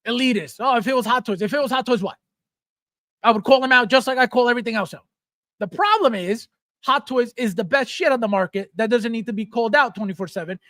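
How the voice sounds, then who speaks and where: Very high and fairly bright, this man's voice comes through clean studio sound with no echo. He's a livestream host reading and responding to chat, ranting bluntly and swearing heavily in a casual way.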